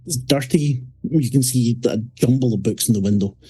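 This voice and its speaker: A man narrating a horror tabletop game as game master, relaxed and descriptive with frequent pauses. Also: mid-range voice, husky.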